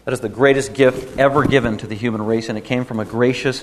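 A man's voice: medium pitch, steady tone, fairly quick, few pauses. A man preaching a sermon as a pastor, emphatic and building in intensity at times. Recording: long hall reverb.

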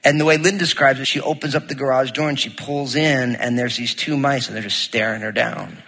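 A middle-aged man preaches to his congregation with a bright, slightly husky voice. He tells stories in a lively way and acts out the lines of the people in them. His voice carries a long echo, as if from a large hall. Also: medium pitch, a little fast. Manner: storytelling, animated, acts out quotes. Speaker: pastor. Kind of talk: sermon.

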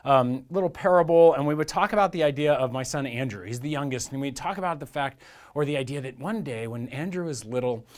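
A man's voice: medium pitch, a little fast. A middle-aged man preaching as a pastor in a casual, joking, storytelling way. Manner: folksy, joking, conversational.

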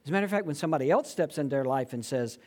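A man preaching a sermon in a conversational, animated way, acting out quotes. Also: fairly high pitch, very fast. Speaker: pastor.

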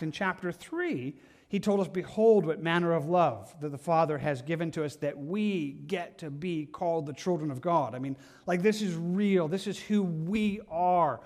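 A man delivers a Sunday sermon in a high-pitched speaking voice. He talks like he is chatting with his listeners, earnest and informal, with plenty of "like" and repeated words. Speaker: pastor.

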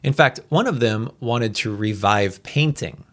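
A man casually reading an old story aloud, re-reading stumbles and adding quick asides. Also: medium pitch, a bit bright. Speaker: reader.

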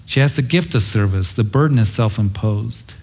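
A man's voice: fairly low pitch, moderate pace, a little mellow, breathy edge. Earnest middle-aged male pastor preaching. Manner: earnest, reflective, quotes scripture tenderly. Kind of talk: sermon.

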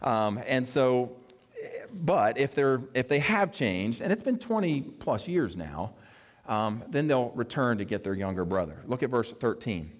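Male preacher, animated storytelling sermon, echoing church hall. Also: medium pitch, unhurried. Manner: storytelling, acts out quoted characters with playful asides. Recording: long reverb of a hall.

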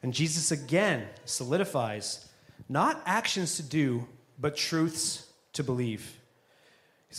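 A man's voice: fairly high pitch, expressive, slow pace, fairly bright tone. A man preaching a sermon to a congregation in a conversational style with joking asides. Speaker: pastor. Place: church before a live congregation.

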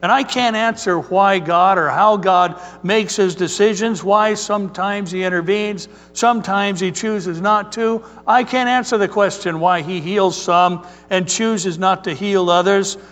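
Pastor, male, high voice, earnest measured sermon delivery, hall reverb. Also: a bit bright. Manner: storytelling, earnest and measured preaching.

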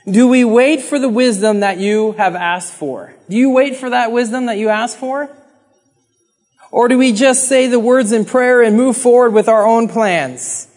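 High-voiced guy preaching, earnest and chatty, acts out prayers, big echoey hall. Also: unhurried, a little mellow. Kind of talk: sermon. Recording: long reverb of a hall.

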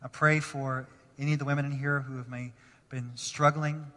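A man preaching a sermon as pastor in a church, passionate and moving between hushed lines and emphatic ones. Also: mid-range voice, flat delivery, moderate pace. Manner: impassioned, swinging from hushed to emphatic. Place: church sanctuary. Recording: long reverb of a large hall.

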